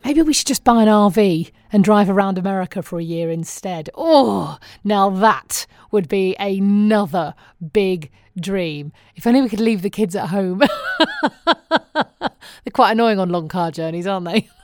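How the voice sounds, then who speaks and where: A woman's voice: mid-range voice, sing-song, unhurried, a little mellow, dry recording, studio quality. A woman from England with a British accent, chatting casually to her viewers in a wry, self-mocking way and laughing often. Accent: British English. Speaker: vlogger. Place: living in Phoenix, Arizona.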